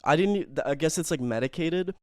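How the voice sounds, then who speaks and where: A man's voice: a little high, fairly quick, no echo, clean studio sound. A young man telling a rambling, self-mocking story in casual chat, full of fillers and swearing.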